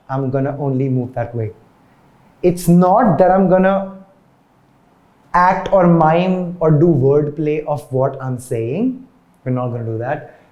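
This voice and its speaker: A man's voice: on the high side, mellow. A young man teaching a dance tutorial, chatty and often checking in with "yeah?" and "got it?". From India.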